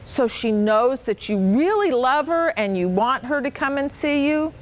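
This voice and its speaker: Woman dog trainer, patient and encouraging, bright sing-song praise, fairly high and very animated. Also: measured pace. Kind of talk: hands-on instruction to children.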